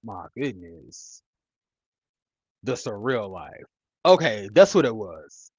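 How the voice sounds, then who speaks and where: A man's voice: fairly low pitch, very animated, takes it slowly, husky, no room sound, rough recording. A man in his mid-thirties giving casual, rambling commentary as a reality TV reviewer, blunt and profane. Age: 30s.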